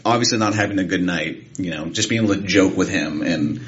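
A man's voice: sits low, quick pace, dull audio, slight background noise. A man co-hosting a podcast, telling a casual story and acting out what people said. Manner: animated anecdote telling with quoted voices. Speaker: podcast co-host.

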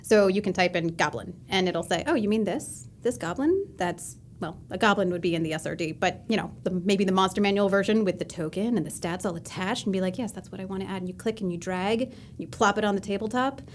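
Here is a bubbly woman guesting on a livestream, chatting casually about tabletop games. She laughs often and her pitch springs up when she gets excited, with a faint hiss of noise under her voice. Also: fast.

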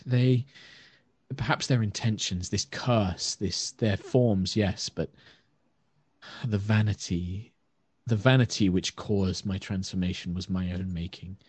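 A man voicing an elderly elf woman who is shaken and remorseful, speaking in halting, formal, tearful lines. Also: low-pitched, steady tone, darkish tone, breathy edge, no echo, heavily acted.

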